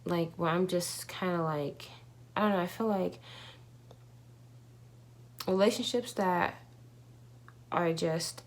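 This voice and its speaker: A young woman speaks to her camera in a loose, confessional way, circling back on herself with lots of fillers. Her voice sits low and has a gravelly fry running through it. Her talk feels candid and unscripted. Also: takes it slowly, pauses often. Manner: rambling, candid, many fillers and restarts. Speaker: vlogger. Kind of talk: casual confessional vlog.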